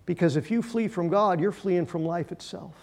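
A man preaching a sermon, emphatic, with his voice swelling loud and then dropping quiet. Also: sits high, moderate pace, creaky. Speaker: pastor.

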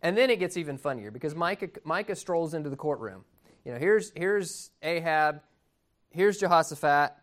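A man's voice: fairly high pitch, normal speed. Conversational, amused male preacher. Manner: conversational, amused, lively storytelling. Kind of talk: sermon.

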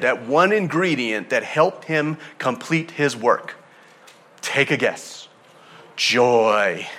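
A man preaching a sermon as pastor, conversational and animated, dropping to soft asides and climbing to loud emphatic peaks. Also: on the high side. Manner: conversational, with fillers and repeated phrases.

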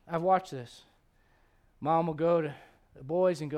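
A man with a notably high voice preaches a sermon, pressing his points with emphatic rhetorical questions. He speaks as a pastor addressing his congregation. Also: a little slow, long pauses, a little mellow. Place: church service before a congregation.

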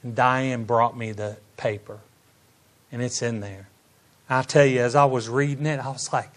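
A man preaching a sermon, moving between quiet, drawn-out asides and loud bursts of praise. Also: steady tone. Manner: swings from soft, slow asides to loud, high exclamations of praise. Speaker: pastor.

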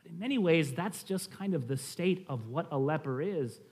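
A man's voice: on the high side, expressive, moderate pace, darkish tone, husky. A man preaching a sermon in an earnest teaching tone, raising his voice to stress key points.

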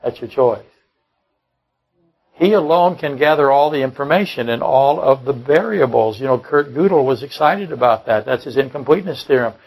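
A man's voice: medium pitch, lively intonation, moderate pace, darkish tone, poor audio. An older man preaching a sermon, blunt and combative, often repeating and restarting his phrases. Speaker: pastor. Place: church service.

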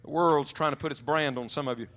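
A man preaching a storytelling sermon in a conference service. His voice sits a little high, and he often drops to a hushed, low tone for emphasis. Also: fast. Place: large church auditorium.

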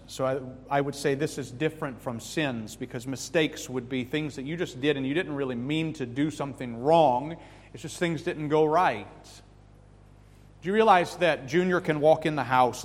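A man preaching a sermon with earnest emphasis, rising to loud peaks and falling back to soft, pleading lines. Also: mid-range voice. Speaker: pastor. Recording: long reverb of a hall.

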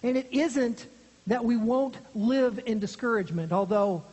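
Husky preacher going verse by verse, gets low and hushed to make a point, long hall echo. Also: measured pace. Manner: earnest, drops low and quiet for emphasis. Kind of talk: expository sermon.

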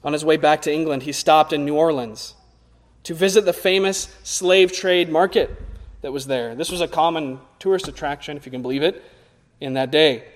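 High-voiced preacher man in a reverberant hall. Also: normal speed. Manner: earnest, rising to loud emphatic peaks then dropping low. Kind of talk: sermon.

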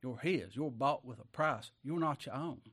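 Folksy preacher man, loud then hushed. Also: medium pitch, moderate pace, slightly rough. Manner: swings between loud declaiming and hushed asides; chuckles often, plain colloquial speech. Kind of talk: folksy sermon.

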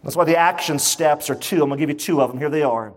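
A man's voice: a little high, fast talker. A man preaching a sermon to his church in an emphatic, conversational way, full of rhetorical questions. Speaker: pastor.

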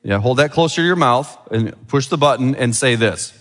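A man's voice: mid-range voice, lively intonation, fairly quick, a bit bright, big-room sound. A middle-aged male pastor giving a sermon with a children's object lesson, chatty and full of questions to the room. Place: church sanctuary.

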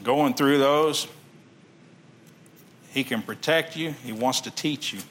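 A man's voice: medium pitch, slow pace, a bit bright, slight background noise. A man preaching a sermon, reading scripture aloud and then explaining it in plain everyday talk.

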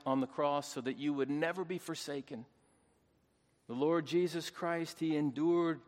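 A man preaching a sermon as pastor, swinging between hushed, tender lines and loud, fervent calls. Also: on the high side. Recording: long hall reverb.

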